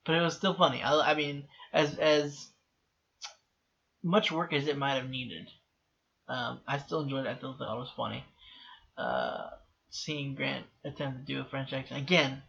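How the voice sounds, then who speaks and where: A man's voice: fairly high pitch, bright, forceful tone, muffled recording, slight background noise. A young American man casually rambling through a TV episode reaction, with many restarts and laughs. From United States. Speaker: TV reaction host.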